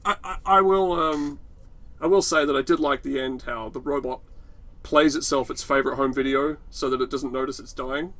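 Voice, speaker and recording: A man's voice: medium pitch, steady tone, normal speed, a bit bright, dry recording. A man with an Australian accent co-hosting a podcast, chatting casually and sarcastically about a TV episode. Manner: sarcastic, mocks scenes in put-on voices. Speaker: podcast co-host. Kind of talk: casual review chat.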